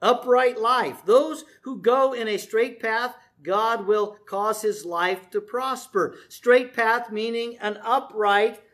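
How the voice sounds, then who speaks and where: A man's voice: extremely high pitch, fairly bright tone. Middle-aged guy pastor preaching, jokey asides, drags out the big words. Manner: folksy, joking asides, slows to stress key words. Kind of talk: sermon.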